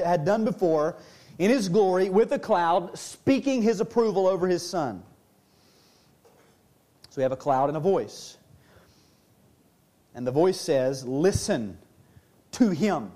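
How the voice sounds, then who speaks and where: A man preaching a sermon, earnest, slowing down and dropping his voice low to stress key lines. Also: dark tone. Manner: earnest preaching, slows and drops low for emphasis. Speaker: pastor.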